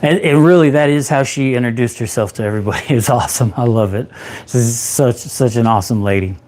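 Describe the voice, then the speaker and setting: A man in his thirties, a peer support specialist, telling his own recovery story on a livestream in an animated way, acting out what he said back then. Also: medium pitch, brisk.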